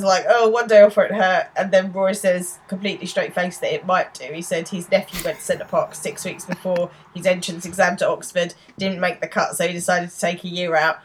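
A woman chats on a podcast, recapping a TV episode scene by scene and quoting the characters' lines. Her voice sits somewhat low for a woman, and she laughs easily as she goes. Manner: retells scenes with quoted lines, laughs often. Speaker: podcast co-host. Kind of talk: casual chat recapping a TV episode.

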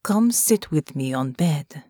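A woman voicing a big, strong female guard, speaking in a low, sultry, teasing purr. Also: lively intonation, takes it slowly, warm tone, dry recording, studio quality, exaggerated voice.

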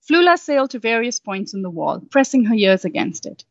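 A woman summing up her story, then reading it aloud as storybook narration in a soft, unhurried way. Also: fairly high pitch, very animated, gravelly, no room sound. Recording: dull, dry sound.

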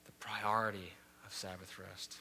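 A man in his thirties preaching a sermon, telling stories with rising, animated peaks. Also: fairly low pitch, normal speed, vocal fry, slight background noise. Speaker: pastor. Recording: long hall reverb.

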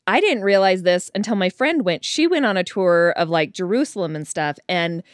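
A woman chatting casually and telling a story, acting out quoted dialogue in a higher voice. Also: lively intonation, normal speed, clean tone, no room sound, studio quality.

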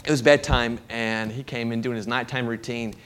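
A man's voice: medium pitch, fairly even intonation, moderate pace, a bit bright, clear, resonant tone. A man preaching a sermon to his congregation, emphatic and repetitive in his delivery. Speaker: pastor.

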